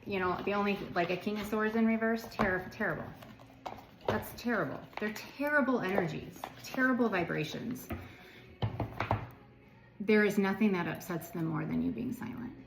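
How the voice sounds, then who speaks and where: A woman's voice: medium pitch, moderate pace. A woman from the United States giving a casual tarot reading to viewers, chatty and rambling, with lots of filler words. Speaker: tarot card reader. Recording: echoey room with background noise.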